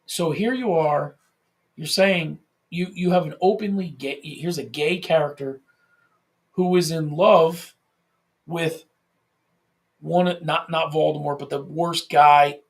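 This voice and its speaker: Gravelly, animated man podcasting. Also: fairly high pitch, slow pace, pauses often. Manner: animated, swears freely, restarts phrases. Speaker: podcast co-host. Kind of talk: casual podcast chat.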